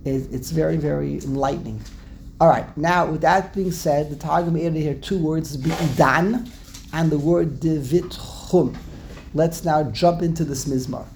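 A man's voice: on the high side, measured pace, darkish tone, slight background noise. A man teaching a casual Torah class to a small group, digressive, often repeating himself and restarting sentences.

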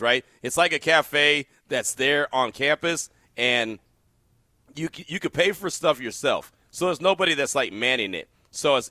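Bright-voiced radio host man. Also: medium pitch, dry recording, clean studio sound. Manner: lively, storytelling, talks through a tickle in his throat. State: throat tickle, watery eyes. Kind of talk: sports talk radio. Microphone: studio mic.

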